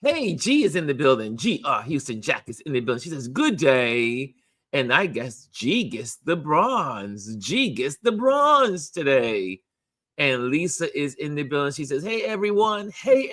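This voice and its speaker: A middle-aged man hosts a casual morning live stream and reads viewer comments aloud. His pitch sits in the middle of the range but swings widely and sing-song. He talks chattily and repeats his phrases. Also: a bit bright. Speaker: host of a daily live stream. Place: New York.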